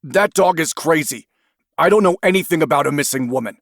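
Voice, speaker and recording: A man's voice: on the high side, animated, a little fast, fairly bright tone, no echo, clean studio sound, pitched above the performer's own voice. A man voicing a frightened young man under arrest, stammering and protesting.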